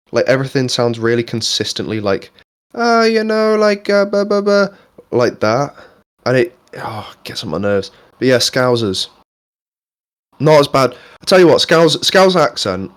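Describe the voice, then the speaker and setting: A young man co-hosting a podcast, rambling casually with plenty of swearing and fillers. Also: lowish voice. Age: young adult. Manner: rambling, profane, lots of fillers. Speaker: podcast co-host. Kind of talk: casual chat.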